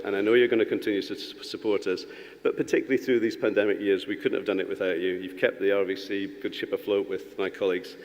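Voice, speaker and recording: A man giving a humorous graduation speech as college principal, with ums and restarts, in a large hall. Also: lowish voice. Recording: reverberant hall sound.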